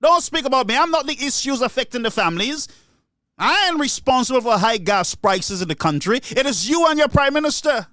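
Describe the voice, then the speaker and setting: Speaking a little fast in a very high, bright, forceful voice, this Caribbean-accented man delivers an expressive solo political tirade full of indignation and repetition. The sound is clean studio quality without echo.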